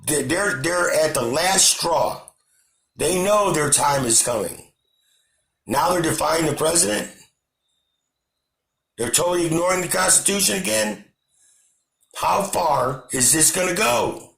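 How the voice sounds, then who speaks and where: A man from the United States rants to camera with impassioned, repetitive fervor. His voice sits a bit high and carries a gravelly fry. The room around him rings with echo. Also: expressive, measured pace, long pauses. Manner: impassioned, repetitive, shouting at times. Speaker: channel host. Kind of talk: angry political rant to camera.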